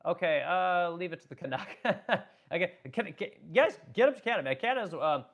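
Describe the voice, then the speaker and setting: A man's voice: sits high, expressive, brisk, a bit bright, dull audio. A man hosting a livestream, talking bluntly and profanely in a rambling way, full of restarts, as he reads chat comments. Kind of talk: casual opinionated livestream talk.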